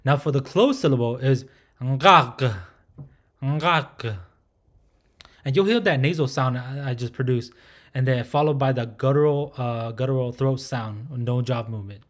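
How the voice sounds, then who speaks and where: A man teaching a language lesson, who patiently demonstrates sounds and repeats them slowly, checking in with "right?". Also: mid-range voice, darkish tone. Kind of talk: recorded lesson.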